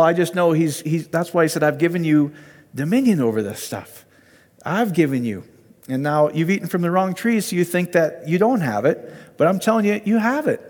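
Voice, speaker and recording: A man's voice: on the high side, long reverb tail. A man giving an informal, conversational sermon and Bible teaching, often asking his listeners questions.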